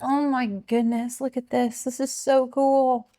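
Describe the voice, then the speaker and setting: High-voiced woman, gushing and teary. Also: flat delivery, a little slow, dark tone. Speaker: host's wife. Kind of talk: casual chat.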